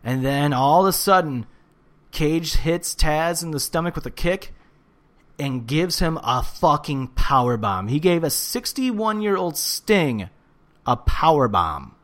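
A man co-hosting a casual wrestling podcast, ranting and swearing with animated bursts of shouting. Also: a little high, takes it slowly. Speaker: podcast co-host. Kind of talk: casual wrestling recap chat.

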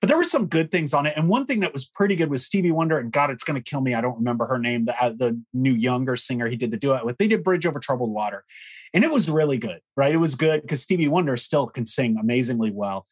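A man's voice: mid-range voice, expressive, quick pace. Male podcast co-host, casual and opinionated, loose delivery full of fillers. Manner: opinionated, frank, with many fillers. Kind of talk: casual chat about music history.

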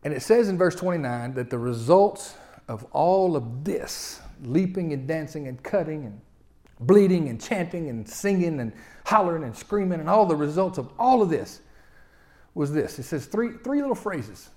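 A man preaching a sermon, telling the story with lively swings between loud outbursts and quiet asides. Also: a little high, normal speed.

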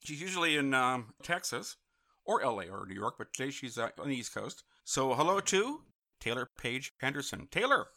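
A man hosting a live talk radio show from a studio, chatty and upbeat, with quick asides and self-amused jokes. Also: medium pitch, sing-song, pushed and bright. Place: Los Angeles studio.

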